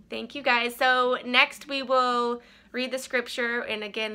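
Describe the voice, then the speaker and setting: A woman leading a children's message, praying and then reading scripture aloud in a gentle, earnest way. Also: fairly high pitch, flat delivery, a little slow, clean tone. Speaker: children's minister.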